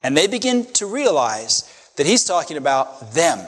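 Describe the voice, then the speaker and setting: A man's voice: on the high side, very animated, normal speed, fairly bright tone, big-room sound. A male pastor preaching a sermon to his congregation, emphatic, with rhetorical questions and repeated phrases. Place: church sanctuary.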